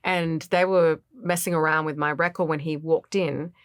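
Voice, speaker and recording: A woman guest in a casual interview, telling a story in an animated way, acting out the other people's voices and laughing often. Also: sits low, normal speed, smooth, dry recording. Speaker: singer-songwriter guest.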